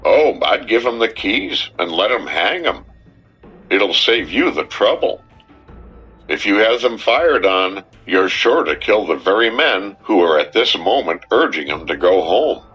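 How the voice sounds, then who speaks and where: A man's voice: lowish voice, sing-song, measured pace, a bit bright, breathy edge, dull audio, soft background music, pitched above the performer's own voice, heavily acted. A man voicing a grim, plain-spoken male jailer in a story, raising his voice above his narration.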